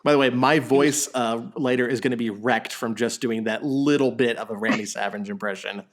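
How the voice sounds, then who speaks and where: Animated jokey male podcast host. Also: medium pitch, a little fast. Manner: jokey, animated, swears freely. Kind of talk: casual chat.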